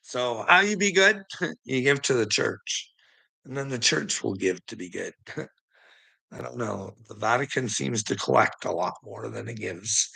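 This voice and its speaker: Gravelly man rambling on a livestream. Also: fairly low pitch, measured pace, pushed and bright, poor audio. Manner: teasing, laughs often between lines; preachy, addresses a viewer directly. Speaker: livestream host. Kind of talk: rambling live-stream chat.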